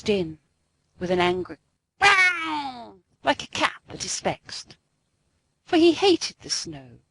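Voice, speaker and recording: A woman's voice: sits high, takes it slowly, poor audio. Woman reading a storybook aloud. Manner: expressive, sing-song on sound words. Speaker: narrator. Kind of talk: storybook read-aloud narration.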